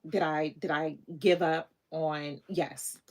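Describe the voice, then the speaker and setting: A woman's voice: low-pitched, steady tone, takes it slowly. A woman hosting a casual livestream, gushing and encouraging toward her viewers, easily moved to tears. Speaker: livestream host.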